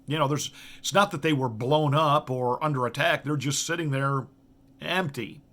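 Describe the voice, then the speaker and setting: A man's voice: a little high, normal speed, sharp tone. A middle-aged man, a pastor, giving a political commentary monologue full of rhetorical questions, emphatic and repeating words as he restarts.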